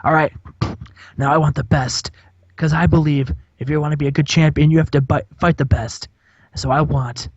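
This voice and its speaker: A man casually narrating a wrestling sim game, excitable and prone to stumbling over words. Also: a little high, husky, no room sound. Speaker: video game streamer. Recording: dull dry lo-fi mic.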